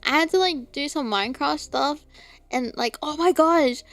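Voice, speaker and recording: A woman's voice: high-pitched, moderate pace, a bit bright, no room sound. A young woman streaming, chatting casually about games, laughing often and swearing now and then. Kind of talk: casual chat.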